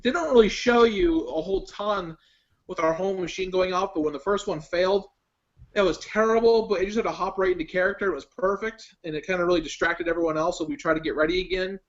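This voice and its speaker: A young man with a notably high voice tells stories animatedly on a casual chat show. The sound is dull and lo-fi, like a web stream. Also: quick pace. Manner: animated storyteller, breaks into laughs. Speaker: guest contestant.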